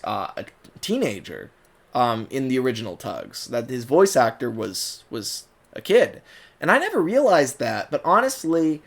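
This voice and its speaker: A man giving a casual, rambling commentary, full of fillers and quick character impressions. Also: medium pitch. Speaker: online video maker reviewing a cartoon dub.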